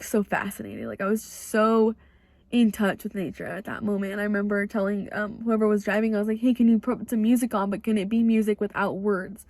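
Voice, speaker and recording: A woman's voice: fairly high pitch, no room sound. A young woman with an American accent hosting a podcast, telling a personal story in a rambling, earnest way with lots of "like" fillers. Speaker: podcast host.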